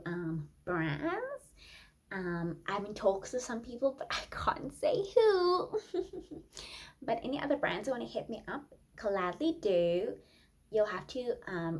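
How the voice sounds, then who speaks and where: A woman voicing a vain, dramatic young female influencer who thinks she can sing, talking in a self-absorbed, giggly way. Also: medium pitch. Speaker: improv comedian. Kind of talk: improvised comedy podcast.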